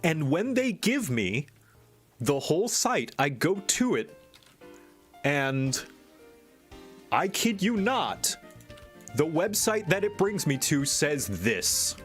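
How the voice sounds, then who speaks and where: A man's voice: fairly high pitch, sing-song, slow pace, pauses often, faint music behind. A man streaming live, in casual chat and ranting with exasperation. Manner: exasperated, venting rant. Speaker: streamer and animator.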